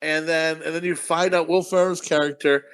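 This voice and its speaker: Fast-talking high-voiced man. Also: flat delivery, fairly bright tone, clear, resonant tone. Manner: fast-talking, skips words; acts out characters' lines while retelling. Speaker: podcast co-host. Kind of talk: casual chat.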